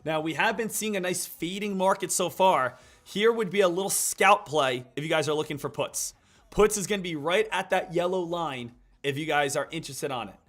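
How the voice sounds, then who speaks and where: At a moderate pace, a man with a slightly high, fairly bright voice coaches viewers during his live day-trading stream. His market commentary is upbeat, repetitive and full of hype.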